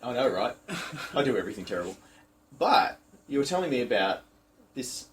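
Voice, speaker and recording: A man's voice: mid-range voice, sing-song, brisk, slight background noise, poor audio. A man hosting a casual podcast chat, joking around and asking questions. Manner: jokey, swears casually, asks questions. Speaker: podcast host, gym owner.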